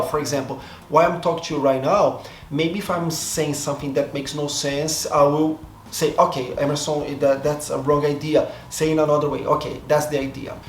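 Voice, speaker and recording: A man from Brazil with a Brazilian accent, a Portuguese native speaker, talking to his camera in a reflective, hesitant way, often stopping to restart and rethink his words. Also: mid-range voice. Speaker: vlogger. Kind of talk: casual monologue to camera. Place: seated in front of a camera. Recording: echoey room, faint background noise.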